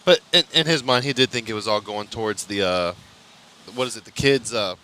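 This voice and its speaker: A man's voice: mid-range voice, fairly quick, bright, forceful tone, a little hiss or hum. A man co-hosting a live race stream, chatting casually and passing along viewer comments. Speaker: co-host reading viewer chat. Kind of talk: casual chat. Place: at a racetrack.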